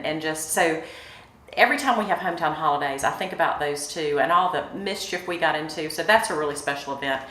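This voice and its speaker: A woman's voice: on the low side, reverberant, a little hiss or hum, low-quality recording. A woman, a mayor chatting in an interview with lots of fillers. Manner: warm, chatty, many fillers, emotional in places. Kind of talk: casual interview reminiscing.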